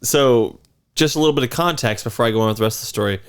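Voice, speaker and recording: Male co-host, thirties, mid-range voice, rambling animated storyteller. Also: mid-range voice, very fast, clear, resonant tone. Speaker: podcast co-host. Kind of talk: casual storytelling chat.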